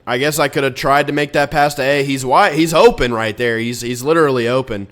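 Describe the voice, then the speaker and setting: A young man commentating his own football video game, exasperated and ranting, with sudden loud outbursts. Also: medium pitch, fairly even intonation, a little fast. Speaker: gaming YouTuber. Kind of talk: live gameplay commentary.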